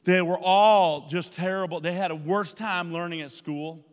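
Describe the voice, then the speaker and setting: Man, pastor, sermon, high-pitched, lively storytelling, long hall reverb. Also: moderate pace. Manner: animated storytelling, rising to shouts.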